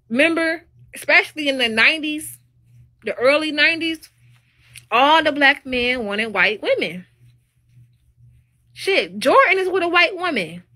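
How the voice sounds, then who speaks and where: A woman's voice: sits high, expressive, measured pace, long pauses, bright, forceful tone. A woman hosting a live stream, talking in a casual, opinionated monologue that is emphatic and preachy, with rising exclamations.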